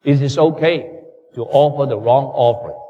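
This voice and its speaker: A man's voice: medium pitch, moderate pace. A man preaching a sermon, with emphatic, repetitive phrasing and direct address to the congregation. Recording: dull recording, long hall reverb.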